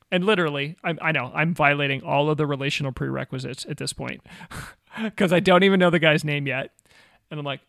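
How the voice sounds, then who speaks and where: A man in his forties, a former missionary, telling a personal story in a casual, animated way with self-mocking asides. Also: a little high, fairly quick, vocal fry, no echo, studio quality.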